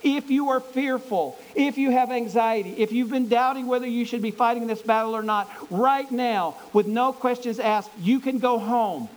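A man playing Gideon, an anxious but eager army leader, who speaks in excited, pleading questions. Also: extremely high pitch, moderate pace, few pauses, pitched above the performer's own voice, rough recording. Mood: commanding.

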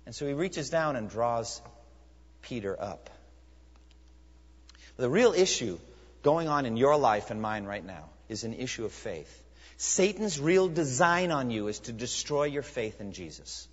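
A man preaching a sermon as pastor, emphatic, with rhetorical questions and dramatic pauses. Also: medium pitch, sing-song. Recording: muffled recording in a reverberant hall.

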